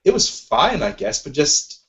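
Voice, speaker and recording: A man's voice: fairly high pitch, sing-song, a little slow, fairly bright tone. A man on a comedy podcast panel, making offhand, wry remarks in casual chat.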